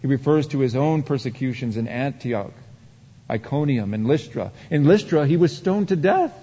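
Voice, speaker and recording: A man preaching a sermon, swinging from heated emphasis to hushed, drawn-out points. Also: medium pitch, expressive, slightly rough. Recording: dull muffled sound with long hall reverb.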